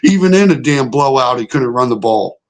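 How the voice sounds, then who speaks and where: A man's voice: medium pitch, lively intonation, moderate pace, a little mellow. A young man hosting a live sports reaction stream, arguing heatedly and profanely with chat comments. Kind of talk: casual livestream reaction, reading chat.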